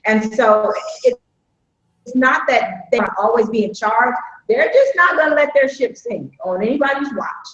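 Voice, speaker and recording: An upbeat woman with a fairly high voice, hosting a live stream in a chatty, folksy way. The sound is echoey and a bit muffled, like a live stream recorded in a reverberant room. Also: lively intonation, unhurried, fairly bright tone. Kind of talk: casual live-stream chat.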